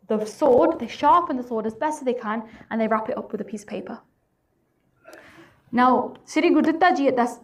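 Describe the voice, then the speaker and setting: A woman with a high voice recounts a sacred story earnestly, slipping into quoted speech as she goes. She sounds set back from the microphone, a little distant. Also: darkish tone. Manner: earnest, retelling with quoted dialogue. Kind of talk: religious storytelling talk.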